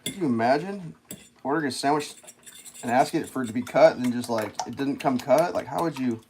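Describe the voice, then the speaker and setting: A man's voice: mid-range voice, a little fast, a little mellow, a little hiss or hum. A man on a casual livestream, telling a rambling anecdote full of fillers and restarts. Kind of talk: casual storytelling chat.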